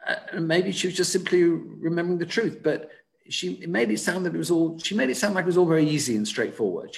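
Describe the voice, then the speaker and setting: A man's voice: a little high, creaky. A man interviewing a guest in a thoughtful, probing way. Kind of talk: conversational interview.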